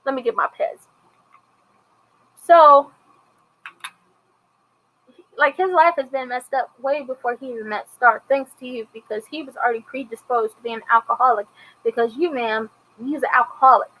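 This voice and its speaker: A woman's voice: high voice, moderate pace, pauses often, fairly bright tone, poor audio. Chatty woman recapping a TV episode. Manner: chatty retelling with acted-out quotes. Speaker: TV episode reviewer. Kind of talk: casual commentary recap.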